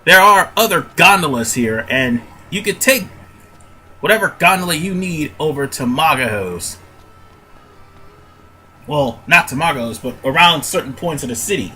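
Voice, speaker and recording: Congested man with a very bright voice. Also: on the high side, lively intonation, normal speed, faint music behind. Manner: rambling, corrects himself often. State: stuffy nose, congested. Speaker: let's play commentator. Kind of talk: casual gameplay commentary.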